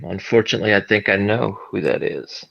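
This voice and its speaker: A man playing his character in a tabletop game, giving brief, measured replies over a dull, lo-fi recording. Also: on the low side, vocal fry, fairly bright tone. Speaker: player. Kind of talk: in-character tabletop role-play. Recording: dull lo-fi mic.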